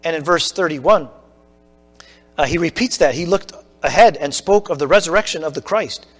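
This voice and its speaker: A man preaching an explanatory teaching sermon in a church, earnest and measured, sometimes restarting his phrases. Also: on the high side, a bit bright, big-room sound, faint music behind.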